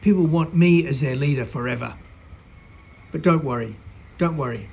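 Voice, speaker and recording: A man's voice: a little high, moderate pace, creaky, a little mellow, breathy edge. A man doing a bragging, rambling president. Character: boastful blustering male president impression.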